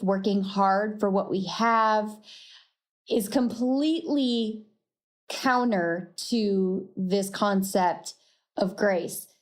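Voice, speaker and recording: A woman's voice: medium pitch, a little mellow. A woman hosting a podcast, telling a personal faith story in a reflective way and laughing at herself now and then. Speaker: podcast host.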